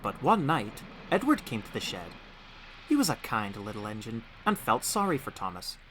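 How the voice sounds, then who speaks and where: A man narrating a storybook audiobook with expressive, animated storytelling. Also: lowish voice, normal speed, slight background noise.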